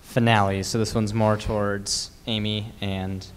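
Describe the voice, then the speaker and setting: Man, audience questioner, lowish voice, earnest and halting. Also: little pitch movement, clear, resonant tone. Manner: earnest, many fillers. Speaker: audience member asking a question. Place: convention panel room.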